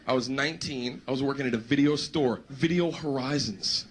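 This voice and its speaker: A man doing a stand-up routine, animated and jumping into squealing voices. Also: mid-range voice, brisk. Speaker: stand-up comedian. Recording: noisy live stand-up recording.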